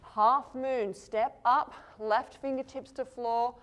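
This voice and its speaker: Slow-cueing woman yoga teacher. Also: a little high. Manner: calm cueing of poses and breath. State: breathing heavily while moving. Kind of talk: guiding a yoga flow.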